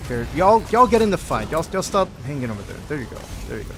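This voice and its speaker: A man's voice: fairly high pitch, fast, a little hiss or hum. A man streaming a group dungeon run, chatting casually and joking with his game and viewers. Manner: animated, joking, talks to his game and chat. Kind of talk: casual gameplay chat.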